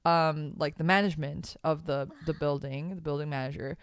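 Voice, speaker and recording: A woman's voice: low-pitched, steady tone, moderate pace, clear, resonant tone, no room sound, clean studio sound. A woman hosting a casual podcast, telling a rambling story with lots of fillers and laughs. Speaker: podcast host. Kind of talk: casual chat on a streamed podcast.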